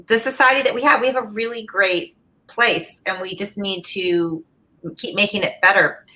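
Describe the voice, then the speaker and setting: A woman's voice: fairly low pitch, pushed and bright, poor audio. A woman festival board member giving sincere, emotional closing remarks at a Q&A.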